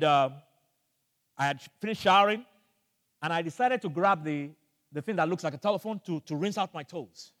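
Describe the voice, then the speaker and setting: An older man from Nigeria preaching a sermon as pastor, telling a story with animated energy and bursts of shouting. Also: on the high side, big-room sound. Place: church hall.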